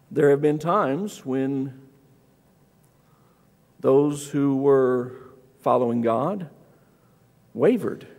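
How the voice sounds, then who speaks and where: A man preaching a sermon in a church, reading scripture aloud and acting out the quoted speakers with rising, lively emphasis. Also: creaky. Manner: animated, acts out scripture quotes with raised pitch. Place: church auditorium. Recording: long church hall reverb.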